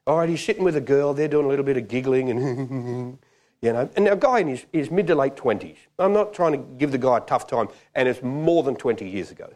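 Male preacher, middle-aged, animated storyteller, voice rises and falls a lot. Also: medium pitch, fairly quick. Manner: animated, acts out quoted voices. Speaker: pastor. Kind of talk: sermon with storytelling.

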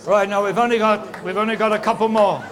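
High-voiced preacher exhorting a crowd. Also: male voice, steady tone, quick pace, noisy background. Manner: exhorting congregation to speak out. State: strained voice. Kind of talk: sermon.

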